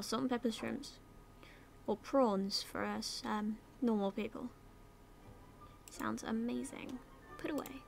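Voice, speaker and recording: With a fairly high, creaky voice, this young British woman gives casual let's-play commentary on a life-sim game for her YouTube channel. She bosses her characters around, lapses into whispers and goofy voices, and swears offhandedly.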